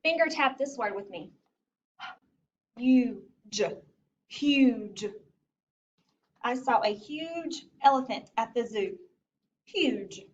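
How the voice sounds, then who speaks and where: A woman teacher walks young children through a phonics lesson in a slightly high voice that rises and falls a lot. She speaks slowly, clearly and encouragingly. She sits back from the mic, and the recording sounds dull and lo-fi. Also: animated. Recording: distant lo-fi recording.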